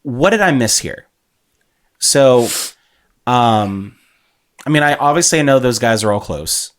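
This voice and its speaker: A man co-hosting a podcast, joking around in relaxed, casual chat. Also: medium pitch, slow pace. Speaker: podcast co-host.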